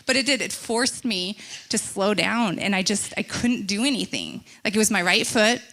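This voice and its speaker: A woman giving a sermon in a chatty, animated way, telling personal stories and laughing often. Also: mid-range voice, normal speed. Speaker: church speaker. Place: church stage.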